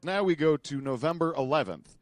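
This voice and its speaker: A man's voice: fairly high pitch, expressive, fairly quick, no echo, studio quality. A man hosting a commentary show, introducing clips in a matter-of-fact way. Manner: matter-of-fact narration of dates.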